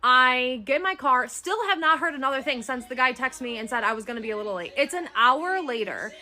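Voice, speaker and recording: Woman, casual storytime, animated, indignant, bright tone. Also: high-pitched, brisk.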